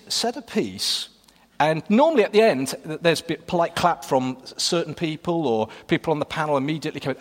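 A man preaching a sermon, his fairly high voice carrying through a hall with a long, ringing reverb. He reads scripture and then talks in a loose, conversational way, full of fillers and restarts. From Wales.

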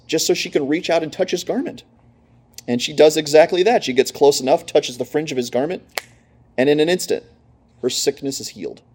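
Husky-voiced preacher telling a story. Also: male voice, mid-range voice, darkish tone. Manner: conversational, storytelling with asides. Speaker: preacher teaching a lesson. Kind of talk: sermon.

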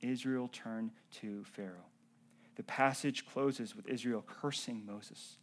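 A male pastor preaching a sermon. He swings between loud emphatic rises and hushed near-whispers, and he often checks in with the congregation by asking "right?" and "okay?". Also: mid-range voice, fairly even intonation, slow. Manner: addresses the congregation directly with frequent "right?" and "okay?".

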